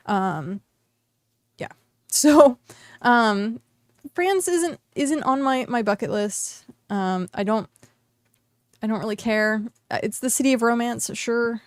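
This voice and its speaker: A woman's voice: on the high side, lively intonation, takes it slowly, no echo. A woman streamer from the United States chatting casually while she plays, rambling with lots of fillers and restarts. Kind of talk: casual chat while gaming.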